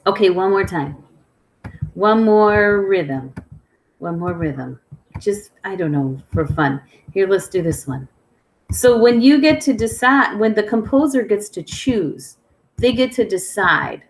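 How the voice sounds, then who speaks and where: Woman music teacher, patient and clear, leads kids in echo rhythms, average pitch. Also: animated, measured pace, slight background noise. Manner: patient, clear, sing-song call-and-response prompting. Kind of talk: online music lesson for children.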